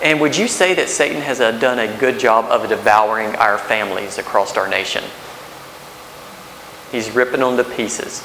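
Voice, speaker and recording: Preaching pastor in an echoey hall. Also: male voice, mid-range voice, moderate pace, bright, forceful tone. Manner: conversational preaching with rhetorical questions and restarts. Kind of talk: sermon. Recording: echoey hall with faint hiss.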